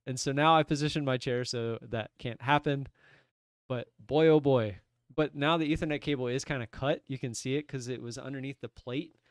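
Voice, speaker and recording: A young man telling a rambling, animated story on his trading livestream from his desk at home. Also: mid-range voice, normal speed, smooth, no echo, studio quality. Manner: animated, rambling, many restarts and "I'm like". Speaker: livestream day trader. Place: home room at a computer desk.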